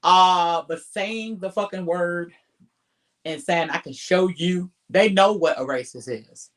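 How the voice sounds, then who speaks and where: A man's voice: sits high, takes it slowly. Blunt, profane man on a live stream. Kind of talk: casual live-stream commentary.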